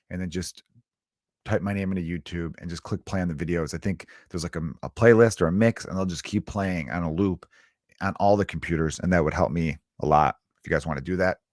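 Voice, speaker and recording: A young man from the Chicago area hosts his own podcast and talks in a loose, crude comedic monologue that keeps veering into asides. His voice sits fairly low. The sound is close and dry, with no room around it. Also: no echo. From Chicago area, United States. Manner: crude, riffing, self-interrupting with asides.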